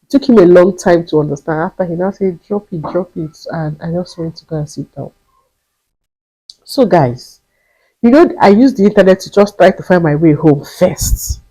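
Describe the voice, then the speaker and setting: A young Nigerian woman with a Nigerian accent and a slightly husky voice, telling a personal story on her vlog with emphatic repetition and bits of pidgin. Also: on the low side, moderate pace, warm tone, poor audio. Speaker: vlogger.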